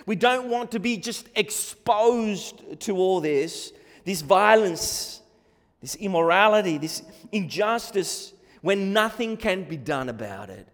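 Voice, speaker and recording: A man's voice: sits high, lively intonation, unhurried, in a large hall. A man preaching a sermon, impassioned and pleading, recorded in a church. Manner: impassioned, rising to pleading cries.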